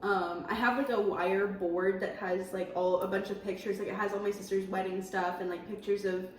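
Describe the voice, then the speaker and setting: A woman's voice: medium pitch, steady tone, normal speed, distant mic, slight background noise. A young woman co-hosting a podcast in casual chat, blunt and casual with swearing, in a small apartment. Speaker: podcast co-host. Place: small apartment living room. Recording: echoey room, voice set back from mic.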